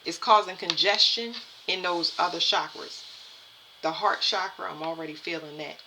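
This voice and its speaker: A woman giving a spiritual card reading to her viewers, halting and repeating herself as she talks. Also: lowish voice, steady tone, noisy background. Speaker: tarot and energy reader.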